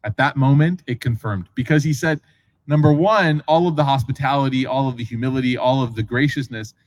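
This man, an Islamic preacher, speaks at a medium pitch and a slightly quick pace. His sermon takes the form of casual storytelling, where he voices characters' dialogue and asks his listeners questions.

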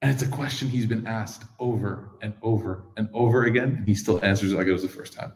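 A man, preaching in a casual, animated storytelling style full of slang. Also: on the low side, fast. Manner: animated, slangy, acts out quoted voices. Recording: echoey hall with long reverb.

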